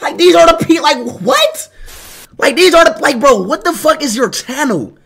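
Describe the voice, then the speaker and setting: Ranting young streamer, high lively voice. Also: male voice, moderate pace, creaky. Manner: heated ranting, repeats "bro" constantly, swears a lot. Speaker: livestreamer. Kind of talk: livestream reaction to chat.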